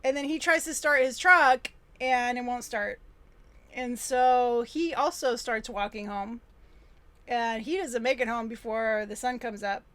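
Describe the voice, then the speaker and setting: A woman's voice: on the high side, unhurried, fairly bright tone. A woman recapping a movie plot in casual chat, laughing and quoting the characters as she goes. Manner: retells film scenes with laughs, mimicking characters. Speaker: podcast co-host.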